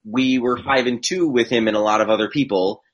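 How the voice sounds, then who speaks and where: A man's voice: medium pitch, fairly even intonation, a little fast, lo-fi sound. A man co-hosting a casual sports podcast. He argues his view bluntly and throws in dry quips. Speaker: podcast co-host.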